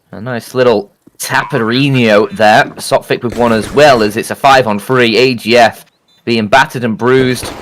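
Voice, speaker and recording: A man's voice: mid-range voice, fairly bright tone. A man casting a shooter match with play-by-play, joking and laughing as he talks. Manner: joking, chatty, laughs often. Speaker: esports caster. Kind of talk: play-by-play commentary. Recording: faint background noise.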